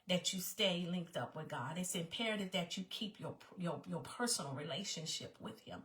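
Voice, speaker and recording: A woman's voice: lowish voice, expressive, moderate pace, a bit bright. A woman vlogger talking personally to her viewers in an emphatic way, often repeating her phrases. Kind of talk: personal talk to camera.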